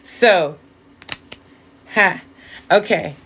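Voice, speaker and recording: A woman doing a casual live-stream reading, talking straight to viewers, blunt and swearing freely, with sudden lifts of excitement and quiet asides. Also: medium pitch, very slow, slight background noise. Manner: bursts of excitement, then drops to a quiet aside. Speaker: live-stream tarot reader.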